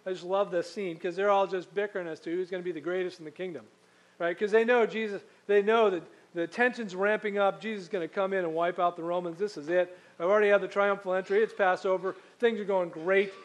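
High-voiced man preaching a sermon. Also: fairly even intonation, fast talker, poor audio. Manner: conversational storytelling, reads scripture aloud. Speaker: pastor.

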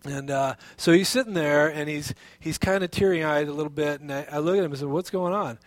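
A man preaching a sermon as pastor, telling a personal story in an animated way with many restarts and fillers. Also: on the high side, fairly quick, no echo.

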